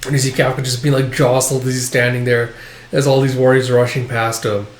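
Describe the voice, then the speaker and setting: In an echoey room, a man with a mid-range voice and level tone reads briskly through a comic chapter. The manga chapter reviewer is casual and rambling, leaning on lots of filler words.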